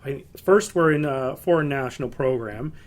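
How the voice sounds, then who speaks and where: A man's voice: mid-range voice, normal speed. A man from Canada hosting a podcast, asking hesitant, meandering questions. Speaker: podcast host. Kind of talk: casual podcast interview.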